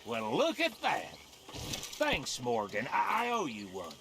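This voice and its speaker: A man's voice: medium pitch, huge pitch swings, slow pace, gravelly, background noise, full character voice. An actor playing a vain, folksy male camp member, asking favors. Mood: wheedling.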